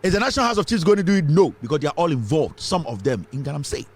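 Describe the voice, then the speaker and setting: A man's voice: a little high, big pitch swings, rapid-fire. A man from Ghana with a Ghanaian accent, giving fiery political commentary full of rhetorical questions. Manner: fiery, rhetorical questions, mixes English and Twi.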